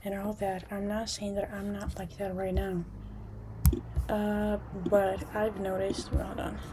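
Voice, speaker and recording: A young woman livestreaming from a room at home, chatting casually with viewers in a halting way with many restarts, now and then dropping to a whisper. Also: medium pitch, completely flat delivery, very noisy. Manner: halting, restarts often, soft at times.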